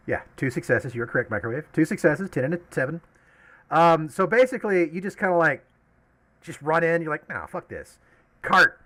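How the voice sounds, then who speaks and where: A man's voice: fairly high pitch, normal speed, pauses often, fairly bright tone. A man running a tabletop game as game master, explaining rules and laughing often.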